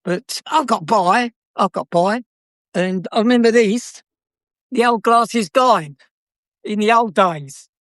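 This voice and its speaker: A man's voice: sits high, slow, a bit bright, no echo, clean studio sound. Cheeky older South London man. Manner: chatty, laughing, cheeky, acts out customers. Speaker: guest, former car dealer. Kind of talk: anecdotal storytelling.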